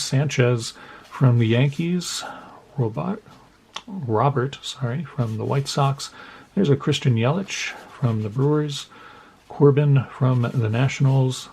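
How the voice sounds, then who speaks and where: Gravelly-voiced man chatting through cards. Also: mid-range voice, darkish tone, slight background noise. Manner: chatty, reads off names one by one, playful asides to the cards. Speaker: card collecting YouTuber. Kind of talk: casual mail-day card opening.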